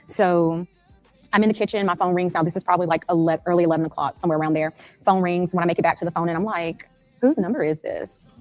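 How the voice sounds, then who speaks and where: A mother speaking in an interview, rushing through her account and acting out the phone calls she made. Her voice sits a little low and sounds dry and close. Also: steady tone, darkish tone, dry recording, faint music behind. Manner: rapid, anxious retelling, acting out phone calls. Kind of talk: recounting events in an interview.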